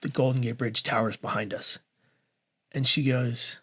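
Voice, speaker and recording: A man in his forties telling a comic story as a guest, animated and acting out the voices of the people in it. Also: moderate pace, husky. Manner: animated, acts out quoted voices with big pitch swings.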